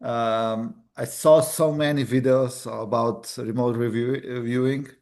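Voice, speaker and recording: A man's voice: mid-range voice, steady tone, slow, a little mellow. A man hosting a casual interview, talking loosely with lots of fillers. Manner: loose, filler-heavy chat. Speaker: host.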